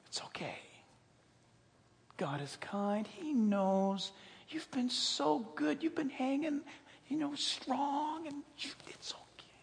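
A man's voice: very high voice, lively intonation, slow pace, vocal fry, pauses often, voice pushed up, full character voice. A man whispering as a sly coaxing devil.

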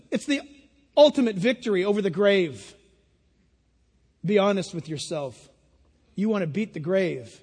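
Guy preaching a sermon, real high voice, playful and animated, long echo like a big hall. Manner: animated, acts out little voices and laughs.

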